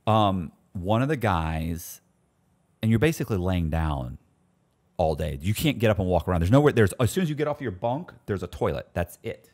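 A man with a low voice spins a story in casual conversation. He swings widely in pitch and often breaks off to restart his sentences. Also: moderate pace. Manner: animated, self-interrupting, restarts sentences. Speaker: guest storyteller.

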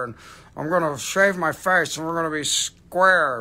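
A man's voice: a little high, a little slow, pushed and bright. A man with an Appalachian accent hosting a live crystal sales stream, joking around in a goofy, slangy drawl. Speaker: livestream host selling crystals.

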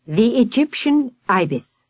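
A woman's voice: mid-range voice, sing-song, normal speed, dry recording, muffled recording, pitched above the performer's own voice. A woman voicing a polite, formal older male professor in a storybook.

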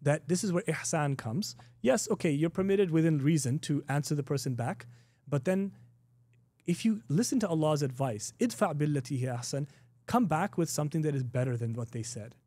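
Middle-aged male teacher, relaxed and conversational, slightly high and warm, dry close sound. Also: moderate pace, dry recording. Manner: conversational, laughs often, many restarts and "you know"; acts out quoted exchanges in a raised voice. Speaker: Islamic teacher. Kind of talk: informal recorded class.

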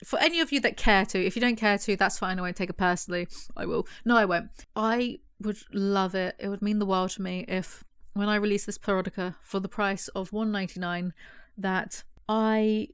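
A woman's voice: medium pitch, fairly even intonation, moderate pace, a bit bright, clear, resonant tone, dry recording, studio quality. A woman doing a casual book review, reading passages aloud and breaking in with sarcastic, mocking asides.

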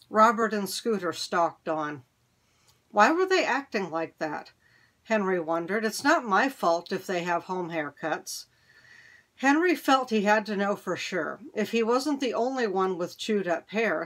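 Woman reading a children's book aloud. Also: mid-range voice. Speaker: reader.

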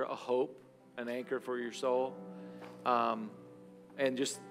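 Man pastor leading an altar call, echoey. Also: mid-range voice. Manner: halting, many fillers, builds into fervent exhortation. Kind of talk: closing prayer and altar call. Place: church sanctuary. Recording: church hall reverb with soft music.

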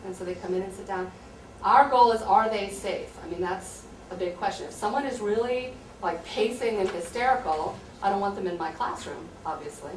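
An American woman, a high school teacher, explaining in an earnest, conversational way how she handles students. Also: fairly quick. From USA. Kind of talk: explaining classroom practice to visitors. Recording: echoey room, distant mic, light hum.

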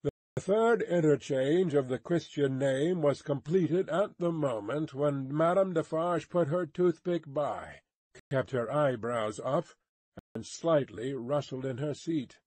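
Male narrator, unhurried and deliberate, dry close recording. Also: fairly high pitch, a little mellow, no echo. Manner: slow, careful reading. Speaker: audiobook narrator. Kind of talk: scripted narration of a classic novel.

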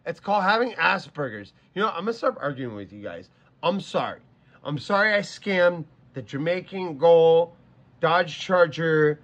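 A man on a livestream talks straight to his chat, his voice sitting a little higher than most. He stumbles and restarts, circling back to the same phrases in a flustered, casual way. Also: lively intonation, normal speed, fairly bright tone, highs cut off. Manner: flustered, stammering, repeats himself. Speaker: streamer.

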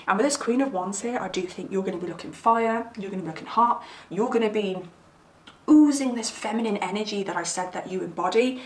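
A woman's voice: medium pitch, brisk. A woman giving a casual tarot reading, chatty and giggly, rambling with plenty of fillers. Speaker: tarot reader. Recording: roomy sound, mic at a distance, faint background hiss.

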